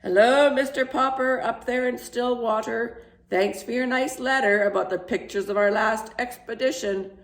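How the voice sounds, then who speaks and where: A woman doing a booming radio admiral. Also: fairly even intonation, close to an everyday voice. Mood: announcing. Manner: slow, booming, announcing. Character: hearty male polar expedition admiral on radio. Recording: roomy echo.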